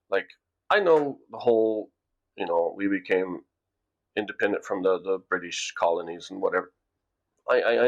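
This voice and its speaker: A man's voice: low voice, vocal fry. A middle-aged man from the United States, telling a rambling story to camera in a casual vlog, often repeating words as he goes. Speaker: vlogger. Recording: dull lo-fi recording.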